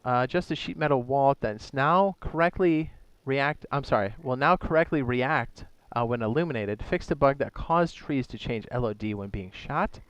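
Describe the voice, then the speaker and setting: A man's voice: medium pitch, clear, resonant tone, no room sound. Guy reading patch notes off the screen, dry close mic, cracks little jokes, trips over words and fixes them. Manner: reads quickly, adds joking asides, stumbles and corrects himself. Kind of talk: casual commentary reading a list aloud.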